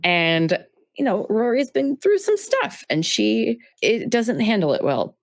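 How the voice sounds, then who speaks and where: A young adult woman co-hosting a casual podcast chat about a TV show, animated and laughing often. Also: on the high side, a little slow, no echo. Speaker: podcast co-host.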